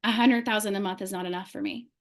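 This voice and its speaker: A woman leading her sales team on a video call, giving a fervent motivational talk full of rapid rhetorical questions. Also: medium pitch, steady tone.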